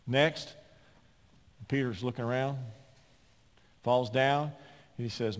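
A man pastor preaching a sermon in an emphatic storytelling manner with quick asides, in a large church sanctuary. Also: medium pitch. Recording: long hall reverb.

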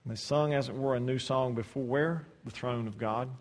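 A man preaching a sermon, swinging between loud, stretched-out scripture reading and soft, low asides, often repeating words as he restarts. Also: normal speed. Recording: long hall reverb.

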